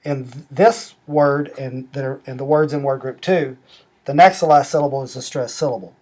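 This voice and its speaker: A middle-aged man walking through a language-learning app step by step, explaining rules slowly and methodically. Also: mid-range voice, steady tone, a little mellow. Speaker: app demonstrator. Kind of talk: screen-recorded app tutorial.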